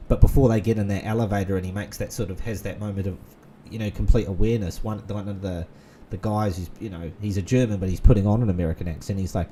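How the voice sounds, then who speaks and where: A man's voice: on the low side, steady tone, fast talker, few pauses, warm tone, a little hiss or hum. A man, rambling in casual gaming commentary full of fillers and restarts. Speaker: gaming channel host. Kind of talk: casual let's-play commentary.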